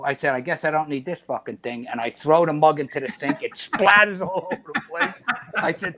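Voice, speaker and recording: A middle-aged man, a podcast guest telling profane, animated stories in casual chat. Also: on the high side, a little fast. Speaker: podcast guest, retired fire chief.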